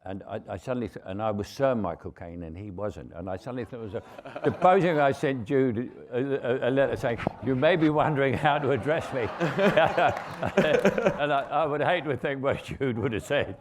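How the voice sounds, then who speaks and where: An older man with a London Cockney accent, a veteran actor telling anecdotes on stage as a relaxed raconteur. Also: medium pitch, a little fast, few pauses. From England. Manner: relaxed raconteur, frequent restarts and chuckles.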